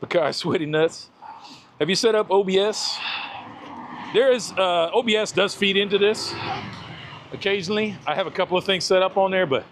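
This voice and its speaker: Man, walking livestream, casual chat, slightly high voice, faint outdoor noise. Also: moderate pace, pauses often. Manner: laid-back, greets chat viewers by name. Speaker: live-stream vlogger. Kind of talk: casual live-stream chat while walking. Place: outdoors on a walk.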